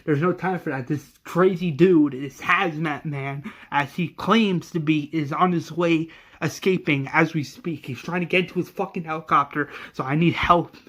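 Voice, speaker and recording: A desperate man, as a narrator acts him out, pleading urgently for help. The voice is higher than most men's and stays close to the narrator's everyday tone. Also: normal speed, hardly any pauses, fairly bright tone. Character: desperate young man begging soldiers for help.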